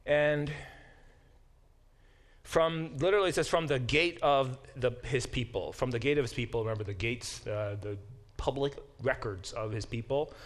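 A man's voice: medium pitch, normal speed. A middle-aged man teaching a Bible class, explaining verses, often correcting himself, and reading passages aloud with emphasis. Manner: explanatory, digressive, self-correcting; reads verses aloud with emphatic, lifted delivery. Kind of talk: lecture.

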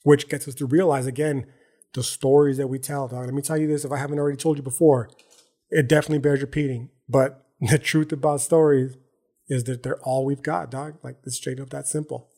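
A man's voice: mid-range voice, flat delivery, brisk, dark tone. A man hosting a solo podcast, talking in a casual, profane, slangy and emphatic way, often tagging his sentences with "right?" and "okay?". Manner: frequent "right?" and "okay?" tags. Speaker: podcast host.

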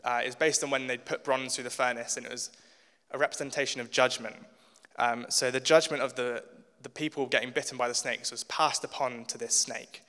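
A young man giving a relaxed, informal sermon in a church and reading scripture aloud, with many ums. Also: medium pitch, fairly quick. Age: young adult. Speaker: church speaker. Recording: long church reverb.

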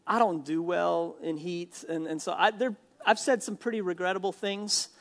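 A male pastor from Minnesota preaching a sermon in a church, animated and jokey, acting out the people he quotes. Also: high-pitched, normal speed, vocal fry. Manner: animated, jokey asides, acts out quoted lines.

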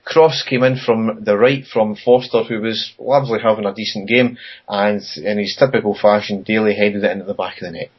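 A man co-hosting a casual football podcast, reading through his match notes in a steady, matter-of-fact way. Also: on the low side, brisk, breathy edge, highs cut off. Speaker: podcast co-host.

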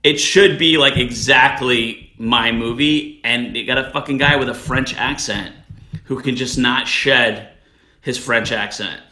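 A man co-hosts a casual film chat, keen and restarting his sentences often. His voice is bright, and the room around him sounds roomy and echoey. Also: medium pitch, a little slow. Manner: conversational, hesitant restarts, enthusiastic film talk. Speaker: podcast co-host.

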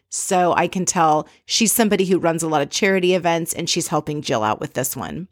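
Woman host, lowish voice, dry close sound; blunt, exasperated recap delivery with frequent swearing. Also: no echo. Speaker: podcast host recapping a reality show. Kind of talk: casual recap commentary.

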